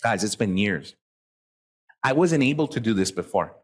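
A man's voice: lowish voice, lively intonation, moderate pace, slightly rough. A man speaking as a motivational seminar speaker to a live audience in a hall, blunt and profane, talking into a handheld microphone.

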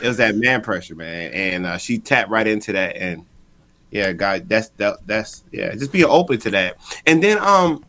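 A man's voice: on the low side, lively intonation, normal speed, pushed and bright. A man speaking candidly on a podcast about his marriage and ministry, telling a personal story in an earnest way and repeating phrases for emphasis.

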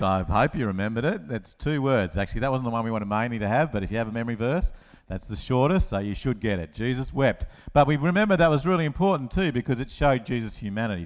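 A man preaching a lively children's-talk sermon, telling the story with playful asides and acted-out voices. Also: mid-range voice. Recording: long hall reverb.

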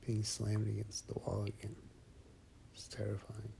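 A man narrating a first-person horror story in a slow, hushed voice that often drops to a whisper. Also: on the low side, completely flat delivery, gravelly, a little hiss or hum.

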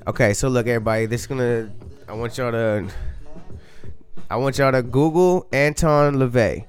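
A man co-hosting a casual podcast chat, laid-back and slangy, swearing freely and sounding high. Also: normal speed, clear, resonant tone, soft background music. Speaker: podcast co-host.

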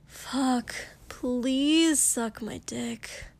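Woman doing a whiny needy young guy, breathy and begging. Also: extremely high pitch, extremely slow, heavily acted. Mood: pleading.

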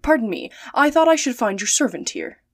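A woman's voice: a little high, big pitch swings, brisk, dry recording, studio quality. A woman reading aloud and voicing a scheming male detective who is eager and falsely courteous. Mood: feigned politeness.

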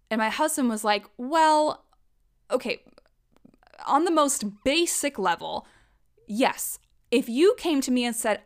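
A woman's voice: mid-range voice, a bit bright. A woman in her thirties talking frankly and emotionally in a personal monologue, swearing casually.

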